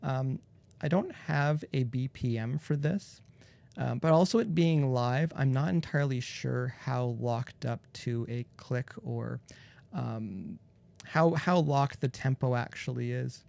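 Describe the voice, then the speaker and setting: A man's voice: medium pitch, takes it slowly, vocal fry, warm tone. A man hosting a live mixing tutorial, talking casually into a close studio microphone and explaining each step as he goes, with plenty of fillers. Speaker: mixing engineer host.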